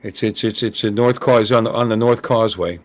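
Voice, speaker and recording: A man's voice: lowish voice, brisk. A man hosting a casual live stream hangout, chatty and greeting viewers, often repeating words as he thinks. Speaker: host of a live hangout show. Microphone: live stream call.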